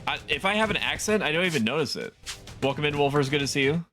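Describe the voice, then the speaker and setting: A man's voice: fairly high pitch, animated, quick pace, sharp tone. Rambling man streaming over game music. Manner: rambling, self-deprecating, chuckling asides. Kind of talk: casual gaming stream commentary.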